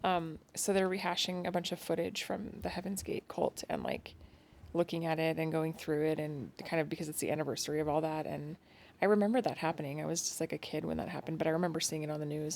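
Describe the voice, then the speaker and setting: A woman's voice: low-pitched, fast, vocal fry, darkish tone, a little hiss or hum. A woman co-hosting a podcast from home, chatting casually and laughing at herself. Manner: chatty, self-deprecating, laughs often. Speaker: podcast co-host. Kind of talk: casual chat. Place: home at night, kids asleep nearby.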